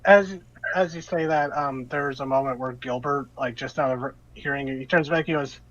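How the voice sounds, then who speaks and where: A man narrating a tabletop game as game master, describing the scene in a relaxed way with many fillers. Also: mid-range voice, normal speed, few pauses, dry recording. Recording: dull lo-fi audio.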